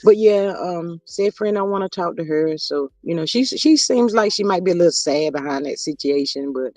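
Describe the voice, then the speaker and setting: High-voiced man gossiping on a livestream. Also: animated, moderate pace, darkish tone, no echo. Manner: chatty, reads viewer comments aloud, drawling asides to chat. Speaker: livestream host. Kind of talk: casual gossip commentary livestream.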